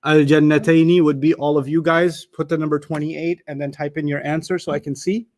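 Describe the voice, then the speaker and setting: A man runs an online class in a quick, teasing way. His voice sits a little high for a man. He jokes with his students between points. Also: flat delivery, darkish tone. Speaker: teacher.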